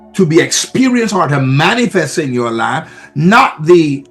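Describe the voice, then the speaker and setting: Brief: male pastor, high-pitched, preaching with repetition and shouted emphasis over soft music. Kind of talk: sermon.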